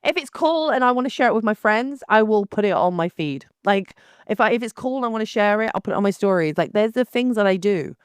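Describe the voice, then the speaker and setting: A young woman, hosting her own podcast in a blunt, animated, casual monologue with frequent restarts. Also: medium pitch, fast talker, few pauses, smooth, no echo, clean studio sound.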